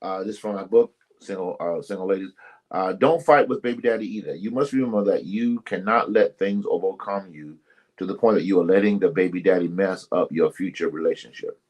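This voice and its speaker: A man hosting a ministry live stream, giving casual relationship advice to his viewers. He talks emphatically and repeats himself like a preacher, jumps suddenly in pitch, and greets commenters by name. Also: fairly quick, a little mellow.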